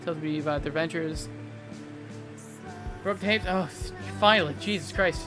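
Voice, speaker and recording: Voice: mid-range voice, unhurried. Rambling game streamer muttering to themself. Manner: muttering, rambling, confused self-talk. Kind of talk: casual gameplay commentary. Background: game music.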